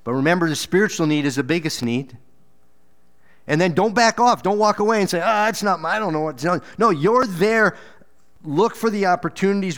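A man's voice: fairly high pitch, fairly bright tone. A man preaching a sermon in church, earnest and exhorting, with frequent repeated words and emphatic rises. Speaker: pastor.

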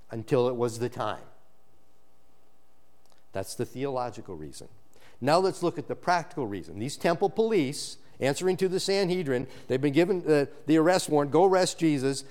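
Preaching through a passage in an expository sermon, a man swings from quiet, forceful statements to louder, more excited ones. He often starts his sentences over and repeats words.

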